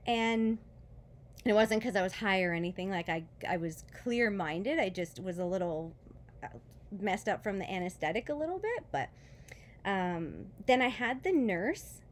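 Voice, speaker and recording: A woman telling a personal faith story in a casual vlog, emotional and close to tears, rambling with fillers and soft laughs. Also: mid-range voice. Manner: emotional, near tears, laughing softly between words; rambling with many fillers and restarts. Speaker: vlogger.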